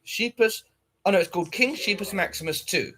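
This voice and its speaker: A man's voice: high-pitched, fairly quick, sharp tone. A man livestreaming, ranting to his viewers in an aggrieved, swearing, rambling way.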